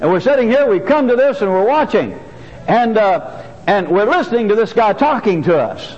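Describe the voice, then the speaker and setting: An older male pastor preaches a sermon in a church sanctuary, his high voice swooping freely up and down in a sing-song, slightly mellow way at normal speed. He repeats key phrases to hammer them home. The dull, lo-fi audio carries a long hall reverb.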